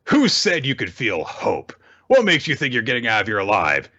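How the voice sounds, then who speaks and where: A man putting on a gloating, cruel villain, with mocking singsong taunts pitched well above his own voice. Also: huge pitch swings, moderate pace, sharp tone, muffled recording, exaggerated voice. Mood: menacing.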